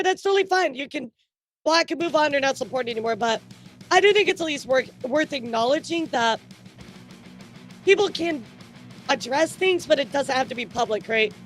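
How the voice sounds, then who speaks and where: A woman hosting a live stream, talking casually to her chat, chatty and repetitive with frequent laughs. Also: high voice. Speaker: streamer news host.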